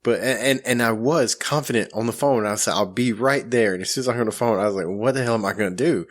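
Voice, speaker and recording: A man's voice: mid-range voice, fast. A man co-hosting a podcast, telling a self-mocking story in casual chat with lots of fillers. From grew up in the country. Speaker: podcast co-host.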